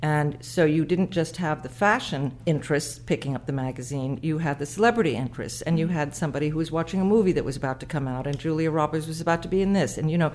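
Female guest, former magazine editor, low voice, measured delivery that picks up pace. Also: darkish tone. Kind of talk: interview answers.

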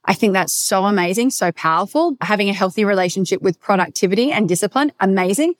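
A woman's voice: mid-range voice, lively intonation, fast talker, no echo. A woman coach talking alone on her podcast in a direct, emphatic way, swearing casually as she reflects. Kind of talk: solo podcast monologue.

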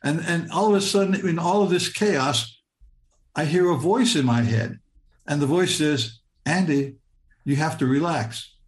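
An older man from Michigan telling a personal story, halting and repeating words as he relives it in vivid present tense. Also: on the high side, roomy sound. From Michigan, United States.

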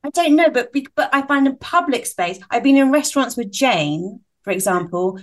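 Woman, podcast co-host, higher pitch, thoughtful, hesitant, casual chat. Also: expressive, normal speed. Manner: thoughtful, hesitant, repeats words as she thinks.

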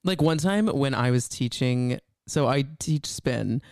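A man co-hosting a podcast in casual chat, talkative and quick to laugh, with lots of filler words. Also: mid-range voice, animated, a little mellow, smooth, dry recording, clean studio sound. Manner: chatty, laughs often, many "like" fillers. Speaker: podcast co-host.

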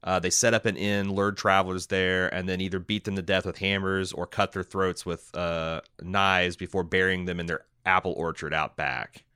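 Male podcast co-host, smooth, crisp voice, casual and halting delivery. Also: low-pitched, fairly even intonation, bright, forceful tone, no echo, studio quality. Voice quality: halting, many fillers and restarts. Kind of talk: casual podcast chat, reading listener mail.

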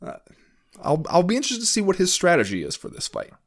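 A man's voice: high voice, wildly swooping pitch, quick pace. A man co-hosting a podcast in casual chat, rambling and sardonic, often acting out quotes. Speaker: podcast co-host.

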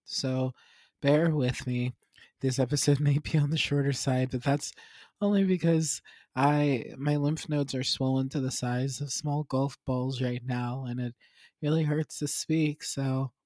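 A man hosting his podcast in a casual, rambling chat, hoarse, raspy and congested from being sick, with laughs between phrases. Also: medium pitch, steady tone, a little slow, a little mellow, dry recording. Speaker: podcast host.

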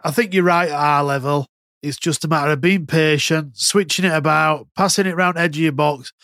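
Guy chatting on a podcast, kinda high voice, swears a lot, dry close mic. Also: fairly quick, no echo. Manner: swears freely, rambling and animated. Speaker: podcast co-host. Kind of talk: casual chat.

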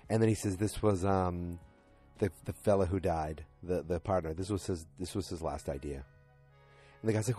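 A man with a deep, slightly husky voice casually recaps a TV episode, wandering through scenes and quoting characters with lots of "you know" and "like". Faint music sits underneath his talk. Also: animated, unhurried, long pauses, dark tone. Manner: rambling retelling full of fillers and "he's like". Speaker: podcast host recapping a TV episode.

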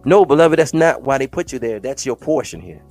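A man's voice: mid-range voice, animated, a little fast, a little mellow, faint music behind. A man hosting a podcast, delivering an impassioned, preachy monologue full of slang and often calling listeners beloved. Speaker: podcast host.

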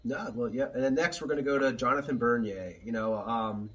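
A man's voice: mid-range voice, brisk, a bit bright, husky. A man on a sports podcast, rambling easily through a news item. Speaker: podcast co-host. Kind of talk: casual sports chat.

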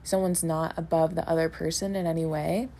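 A woman co-hosting a casual podcast, explaining her points in a thoughtful, measured way. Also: low voice, little pitch movement, warm tone. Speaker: podcast co-host. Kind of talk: casual reflective chat.

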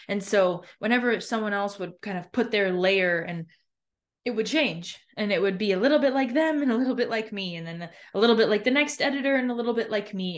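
A woman hosting a podcast, reflecting out loud in a candid, chatty way. She circles back on her thoughts with plenty of fillers and restarts, at a medium pitch. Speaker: podcast host and new author.

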